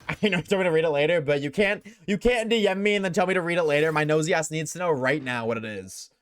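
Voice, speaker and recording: A young man streaming a game and chatting casually with his audience, slangy and joking, talking in quick bursts. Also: a little high, smooth, dry recording.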